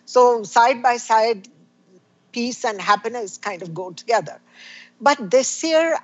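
Female guest, breathy voice, reflective and searching, muffled lo-fi sound. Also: a little high. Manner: earnest, searching, with many restarts. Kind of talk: reflective conversation.

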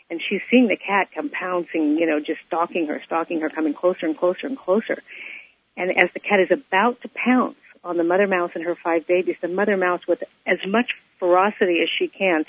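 A woman co-hosting a radio show, telling a teaching story and reflecting on it, with a husky voice and a habit of repeating phrases for emphasis. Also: on the low side, no echo. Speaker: co-host and spiritual teacher. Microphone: telephone. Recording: tinny phone line, dry.

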